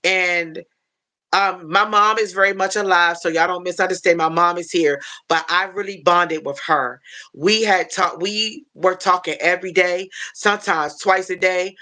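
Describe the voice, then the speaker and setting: A woman's voice: on the low side, steady tone, normal speed, pushed and bright. A woman hosting a casual livestream chat, rambling and restarting often, heartfelt and openly emotional. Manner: chatty, rambling with many restarts. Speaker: livestream host.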